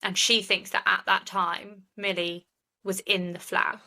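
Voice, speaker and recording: A woman's voice: medium pitch, flat delivery, measured pace, vocal fry, bright, forceful tone, poor audio. A woman, co-hosting a podcast and retelling a case in earnest, opinionated chat. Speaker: true crime podcast co-host.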